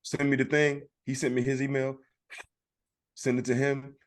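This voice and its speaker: A man's voice: medium pitch, flat delivery, moderate pace. A man co-hosting a podcast, telling a story in casual chat and acting out the other people's lines. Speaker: podcast co-host.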